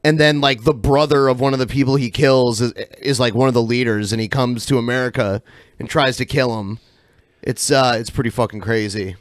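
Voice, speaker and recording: A man's voice: mid-range voice, steady tone, a little fast, no echo, studio quality. Offhand, profane male podcast co-host. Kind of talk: casual chat.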